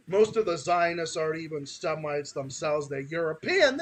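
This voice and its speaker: A man's voice: on the high side, expressive, unhurried. A man from Massachusetts with a Massachusetts accent, hosting a podcast in a heated, profane ranting style. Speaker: podcast host.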